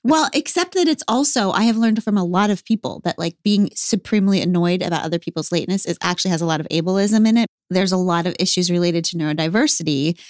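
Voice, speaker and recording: A woman's voice: fairly low pitch, fast, hardly any pauses, no echo, clean studio sound. A woman co-hosting a casual chat, earnest and reflective, sometimes teasing. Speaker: co-host.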